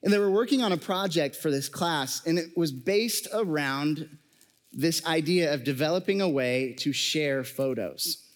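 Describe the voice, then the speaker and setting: Male preacher, slightly high voice, conversational sermon style, jokey asides to the congregation. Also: a little slow, long reverb tail. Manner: conversational, joking asides, frequent fillers.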